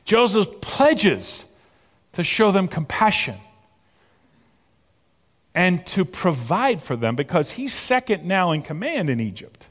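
A man preaching with a lively, swooping delivery in a fairly high voice, rising to loud emphatic peaks and dropping to soft near-whispers. His voice carries a long reverb from a large hall. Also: takes it slowly, pauses often. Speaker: pastor. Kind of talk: sermon.

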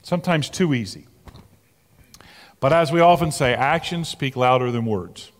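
A man preaching a sermon as pastor, slow and emphatic, rising to animated exclamations. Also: mid-range voice. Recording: long reverb of a large hall.

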